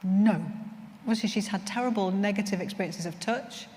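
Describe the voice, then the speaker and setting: Woman chaplain talking at a conference, gentle storyteller vibe, mid voice, lots of hall echo. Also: mid-range voice, quick pace, a little hiss or hum. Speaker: chaplain trainer. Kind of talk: conference talk with personal stories. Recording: long reverb in a large hall.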